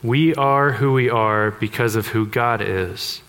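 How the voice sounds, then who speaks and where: A man's voice: mid-range voice, takes it slowly, fairly bright tone, clear, resonant tone. A man preaching a sermon, conversational and joking with the congregation. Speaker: pastor. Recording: long hall reverb.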